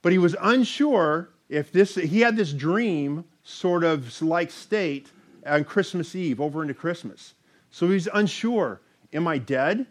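A man preaching a sermon, reading scripture aloud and telling a story with animated delivery. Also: fairly high pitch, measured pace.

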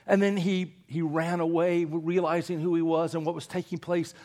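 A middle-aged man preaching a sermon, telling stories with big swings from loud to hushed. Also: fairly high pitch, little pitch movement, normal speed.

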